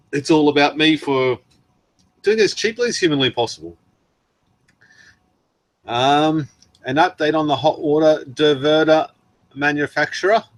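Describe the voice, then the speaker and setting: A man's voice: fairly high pitch, dry recording. An Australian man hosting a casual live stream, reading out viewer messages in a chatty way with frequent laughs and ums, his throat worn from long talking. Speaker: livestream host.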